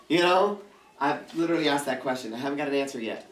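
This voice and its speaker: A man's voice: a little high, quick pace, fairly bright tone. A man preaching a casual, joking youth sermon as a youth pastor, acting out prayers in funny voices. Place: church youth service room. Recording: echoey church hall, mic at a distance.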